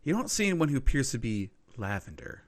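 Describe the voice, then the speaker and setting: A man narrating a tabletop game as game master, relaxed with fillers and quick asides. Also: medium pitch.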